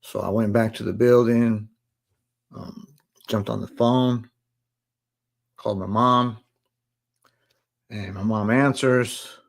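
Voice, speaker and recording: A man in his forties casually telling listeners his life story on a live stream, in relaxed slang. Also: fairly low pitch, slow, vocal fry, pauses often. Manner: relaxed street slang, addresses listeners as bro. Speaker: live stream host sharing his testimony.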